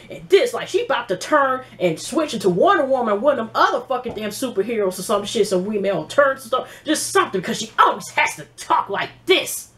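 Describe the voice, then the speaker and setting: Animated, profane woman recapping reality TV. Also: on the high side. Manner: animated, profane, mimics people she quotes. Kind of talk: casual episode recap.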